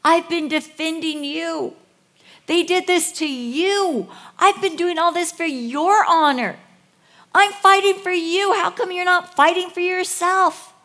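A woman voicing an exasperated male prophet who pleads indignantly in a high, emphatic voice. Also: slow pace, fairly bright tone, full character voice.

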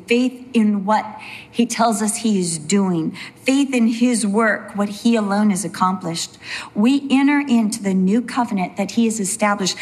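A woman's voice: mid-range voice, a little mellow. Earnest woman teaching Bible study. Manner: earnest, slows down for emphasis, chatty asides.

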